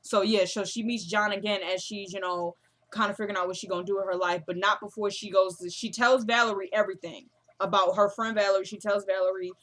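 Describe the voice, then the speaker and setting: A woman's voice: mid-range voice, fairly even intonation, fairly bright tone. A woman casually recapping a TV episode, chatty and slangy, briefly acting out the characters' lines. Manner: chatty, acts out characters' lines in quick paraphrase; slangy, fillers like "you feel me". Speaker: TV show recapper.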